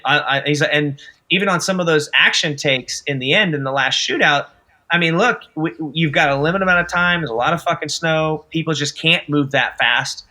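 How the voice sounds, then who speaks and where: A man's voice: fairly high pitch, moderate pace, pushed and bright. A man guest on a podcast, a film director in casual interview chat, enthusiastic and swearing often. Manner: enthusiastic, profane, acts out quotes.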